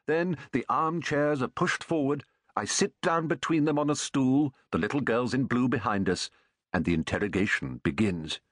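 A man narrating a story aloud in a measured, expressive reading as an audiobook narrator. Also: medium pitch, no room sound, clean studio sound.

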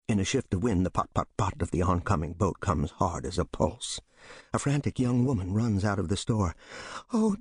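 A man giving scripted literary narration in a measured, steady storytelling delivery. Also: on the low side, husky, no room sound, studio quality. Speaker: audiobook reader.

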